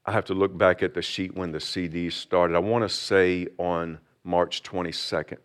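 A man pastor giving a sermon, moving from quiet talk and prayer into slow, emphatic, rising preaching. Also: deep voice, little pitch movement. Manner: builds from quiet intro to fervent preaching, slow emphatic phrases; prays aloud.

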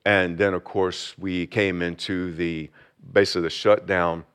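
A man's voice: sits low, little pitch movement, clean tone. Man preaching a fervent sermon. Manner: builds from quiet intro to fervent preaching, slow emphatic phrases; prays aloud. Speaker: pastor.

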